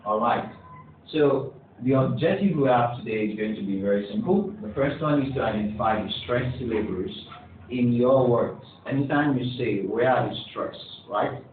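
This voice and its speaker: A man's voice: mid-range voice, normal speed. A man teaching a pronunciation lesson to a class, encouraging the students, putting questions to them and praising their answers. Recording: echoey, distant, phone-like with faint hiss.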